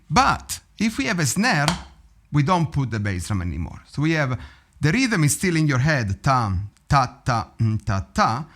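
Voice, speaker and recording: A man teaching drum rudiments in a relaxed, animated way, often vocalizing rhythms and laughing. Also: on the high side. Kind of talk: practice session teaching. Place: drum studio.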